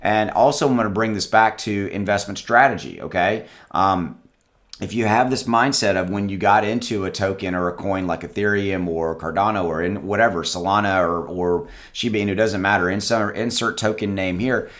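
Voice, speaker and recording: At home with his dogs, a crypto YouTuber gives his viewers casual investing advice straight to camera. His voice is fairly low and fairly bright at normal speed; he talks loosely and conversationally, restarts often, repeats words, and calls everyone "guys."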